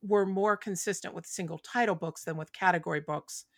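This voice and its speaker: A woman author speaking as an interview guest, explaining her writing in a thoughtful, steady way. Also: fairly low pitch, a little fast, no echo, clean studio sound. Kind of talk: casual interview chat.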